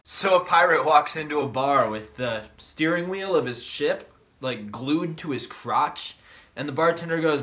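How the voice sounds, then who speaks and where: A man delivering short pun jokes one after another, with quick voiced asides. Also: fairly high pitch, animated, a bit bright. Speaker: comedy video host. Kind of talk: deadpan one-liner joke delivery.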